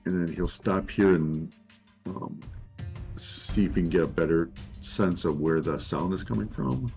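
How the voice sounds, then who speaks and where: Deep-voiced hesitant male player. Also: unhurried, gravelly, darkish tone, soft background music. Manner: hesitant, with frequent ums. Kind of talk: tabletop game play.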